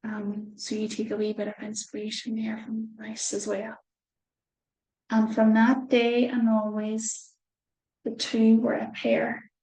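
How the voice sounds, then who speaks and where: Gentle woman reading slowly. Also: a little high, completely flat delivery, roomy sound, low-quality recording. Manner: gentle, slow, with soft whispered asides. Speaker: children's storyteller. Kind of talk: reading a picture book aloud.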